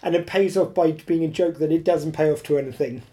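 A woman's voice: deep voice, brisk, dark tone. A woman with an Irish accent co-hosting a podcast in casual chat, laughing often and restarting her sentences. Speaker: podcast co-host.

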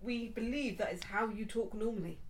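A woman's voice: a little high, fairly quick, rough recording. A woman co-hosting a podcast in casual chat, with a dry, giggly manner. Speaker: podcast co-host.

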